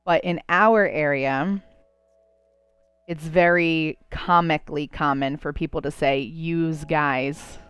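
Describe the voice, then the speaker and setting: Smooth-voiced New Jersey woman chatting. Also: deep voice, measured pace, a bit bright, no echo, faint music behind. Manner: chatty, rambling, many likes and you knows. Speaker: streamer drawing live. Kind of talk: casual chat while drawing.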